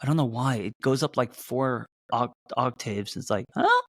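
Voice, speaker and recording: A man who hosts as a therapist, talking loosely to a live audience, with many fillers and restarts, and a voice that sometimes jumps up high. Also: normal speed, no echo, studio quality. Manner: voice jumps up in pitch at times. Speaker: therapist and podcast host. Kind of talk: casual live-stream talk.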